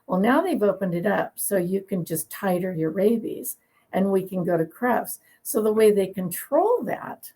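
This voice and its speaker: A woman's voice: medium pitch, lively intonation, normal speed, warm tone, slightly rough, low-quality recording. A woman dog breeder being interviewed, telling long, opinionated stories in a chatty way and laughing now and then. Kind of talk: conversational interview storytelling.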